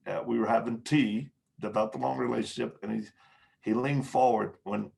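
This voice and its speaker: A man, a podcast guest, telling candid stories in conversation, with frequent pauses and restarts. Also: medium pitch, fairly even intonation, vocal fry, a little mellow. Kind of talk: storytelling in conversation.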